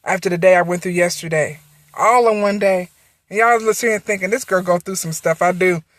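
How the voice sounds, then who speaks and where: A woman's voice: fairly low pitch, brisk, no room sound. A woman giving an emotional, faith-filled testimony on a phone livestream, repeating herself as she speaks from the heart. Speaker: network marketing director.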